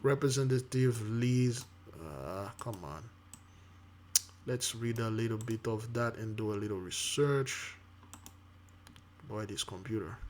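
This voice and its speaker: Man, online preacher-commentator, halting and restarting, reads news aloud, addresses listeners as beloved. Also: lowish voice, slight background noise. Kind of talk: casual spoken commentary.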